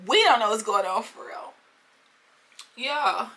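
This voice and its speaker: A young woman telling a storytime vlog in an animated, slangy way, talking straight to her viewers. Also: fairly high pitch, slow pace. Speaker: storytime vlogger.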